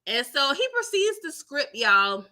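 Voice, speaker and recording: A woman hosts a casual live recap of a TV episode. Her voice sits high and rings very bright. She chats in heavy slang and keeps breaking into laughter. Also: unhurried. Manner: animated, chatty, laughs often, heavy slang. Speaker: TV recap host.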